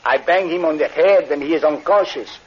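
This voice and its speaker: An actor playing a menacing Spanish pirate with a Spanish accent and broken English, in 1940s radio acting on a dull old recording. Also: male voice, on the high side, a little fast, slightly rough. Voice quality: broken English, sly threats.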